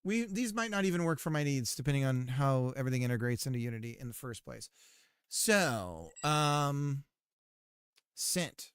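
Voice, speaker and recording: A man's voice: medium pitch, expressive, moderate pace, clean tone, no room sound. A man streaming live while working on his game, chatting casually and teasing his viewers. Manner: joking, teasing his chat.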